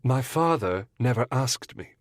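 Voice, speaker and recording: A man's voice: mid-range voice, expressive, a little slow, no room sound, voice pushed up, lightly acted. An earnest young married woman in an audiobook, raised well above the reader's own voice, compassionate and pleading, as a male narrator puts her on. Her lines come across dry and close, with no room around them. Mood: firm. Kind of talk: audiobook character voice.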